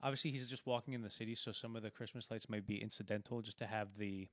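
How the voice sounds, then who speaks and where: A man's voice: on the low side, steady tone, fast talker, no room sound, studio quality. A man co-hosting a film podcast, casually retelling movie scenes in a rambling way with many restarts. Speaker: podcast co-host.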